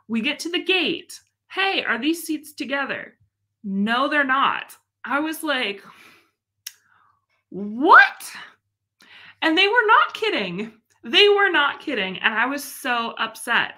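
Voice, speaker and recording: A woman's voice: mid-range voice, bright, forceful tone. A young woman hosting a live stream, chatting casually and expressively with frequent laughs. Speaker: livestream host.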